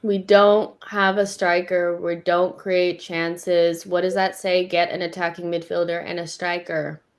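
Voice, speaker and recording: Female host, slightly low voice, casual exasperated match reactions. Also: flat delivery, a little slow, hardly any pauses. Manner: wry, exasperated, laughing along. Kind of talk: casual live watchalong chat.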